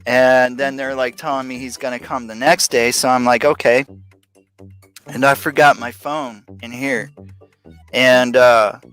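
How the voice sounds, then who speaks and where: A man's voice: mid-range voice, fairly even intonation, unhurried, fairly bright tone, poor audio. A man hosting a casual live stream chat, rambling and venting with lots of fillers and restarts. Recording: faint music behind.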